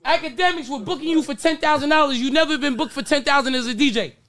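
Brash male host, high-pitched, rapid and bright, ribbing his guest nonstop. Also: no room sound. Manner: brash, teasing, swearing freely. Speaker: show host. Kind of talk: boisterous podcast banter.

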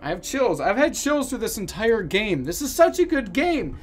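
A man playing through a game on camera, with goofy, theatrical commentary and sudden loud outbursts. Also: high voice, very animated, moderate pace, few pauses, a little hiss or hum. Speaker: gaming YouTuber. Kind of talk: let's play commentary.

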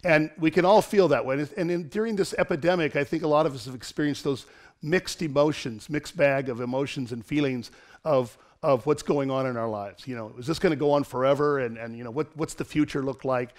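A middle-aged man preaching an online sermon as pastor, lively and given to laughing asides and dramatic storytelling. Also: medium pitch, fairly quick.

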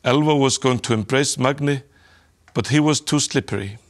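Reading a children's story, a male narrator keeps a calm, measured delivery at a medium pitch.

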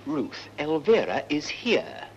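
A woman's voice: sits low, sing-song, slow pace, a little mellow, a little hiss or hum, heavily acted. A woman voicing a flustered, exasperated husband who sees a ghost, in a radio play reading. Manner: agitated and exasperated. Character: flustered middle-aged English husband seeing a ghost. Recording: dull lo-fi with faint music.

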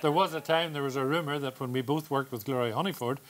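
A man's voice: medium pitch, fast talker, background noise. A man with a Northern Irish accent hosting a chat show, teasing his guests playfully. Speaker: talk show host. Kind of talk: casual chat show banter.

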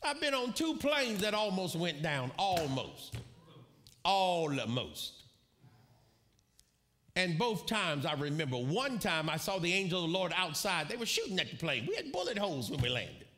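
A man preaching a sermon, telling a story with animated, shouted quotes and bursts of laughter. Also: sits high, normal speed. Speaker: pastor.

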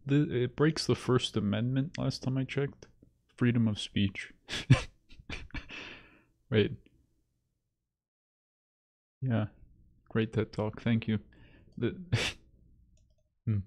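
A man chatting on a livestream in a loose, unhurried way. He rambles, jokes and breaks into laughter often. His pitch sits in an ordinary middle range. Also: creaky, darkish tone. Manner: rambling, laughs often, joking self-pity. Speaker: streamer. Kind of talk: casual livestream chat.

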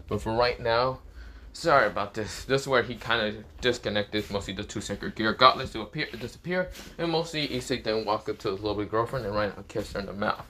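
A man's voice: mid-range voice, a little fast, fairly bright tone. A young man narrating an improvised fan-fiction story, rambling with lots of fillers and restarts. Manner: rambling, many fillers like "this is where, well, mostly".

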